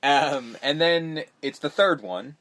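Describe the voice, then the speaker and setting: A man co-hosting a casual film podcast, retelling scenes with quick impressions of the characters, swearing and laughing. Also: fairly high pitch, lively intonation, a bit bright. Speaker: podcast co-host. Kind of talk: casual movie recap chat.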